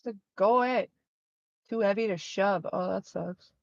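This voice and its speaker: A woman's voice: medium pitch, unhurried, gravelly, darkish tone, no echo, muffled recording. A woman with a Canadian accent, chatting casually and profanely as a streamer while she plays a video game, joking and laughing easily.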